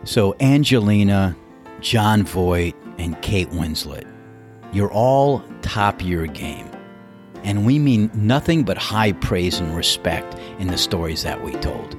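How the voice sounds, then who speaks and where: A man's voice: low-pitched, lively intonation, takes it slowly, over music. A man in his sixties hosting a podcast, keeping the interview chat easygoing and affirming. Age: 60s. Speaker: podcast host.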